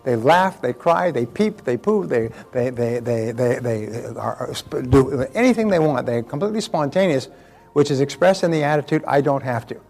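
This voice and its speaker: A man's voice: mid-range voice, lively intonation, normal speed, vocal fry, darkish tone. An older man giving a motivational talk in a conversational way, telling stories and repeating words as he goes. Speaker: motivational speaker.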